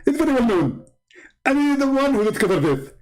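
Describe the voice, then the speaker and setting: A man's voice: extremely high pitch, sing-song, faint music behind, poor audio. A man mocking a pompous, smug preacher. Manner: halting broken English, stammered repeats. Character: pompous smug male preacher, middle-aged, know-it-all. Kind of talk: mocking comic impression.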